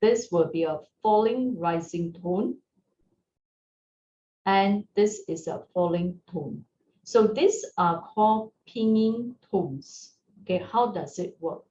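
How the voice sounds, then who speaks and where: A woman teaching a beginners' Mandarin lesson, gentle and encouraging, often checking in with her learners. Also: medium pitch, slow pace. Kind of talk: slow, patient language lesson. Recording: roomy, distant, dull sound with faint hiss.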